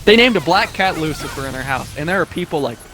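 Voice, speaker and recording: High, animated young man ranting. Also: quick pace, over music. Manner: profane, mocking, quotes people in put-on voices. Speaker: streamer. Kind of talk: casual live-stream rant.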